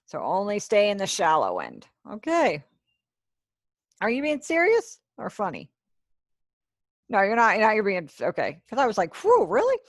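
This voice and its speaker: An ASL teacher runs a sign language class over video call, her medium-pitched voice swinging wildly in pitch at a moderate pace with long pauses. She's chatty and encouraging, praising students and making little asides to herself. The studio-quality recording has no echo.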